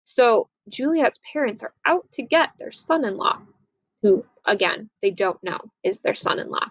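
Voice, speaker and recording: A young woman teacher casually retelling a play's scene in a chatty, lively way. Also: fairly high pitch, normal speed, no echo, low-quality recording. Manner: chatty, lively, acts out quotes. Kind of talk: casual summary of a play.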